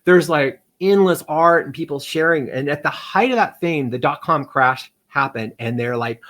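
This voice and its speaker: A middle-aged man, a game developer as interview guest, telling animated stories and acting out quotes in voices. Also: medium pitch, normal speed, hardly any pauses. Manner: animated, acts out quotes in voices, laughs often. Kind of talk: casual storytelling interview.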